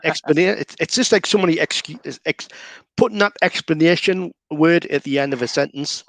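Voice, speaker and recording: Geordie man, gravelly, dry close sound, relaxed local-guide chat. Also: fairly high pitch, no echo. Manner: relaxed, explains slowly with many fillers. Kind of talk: casual explanatory chat.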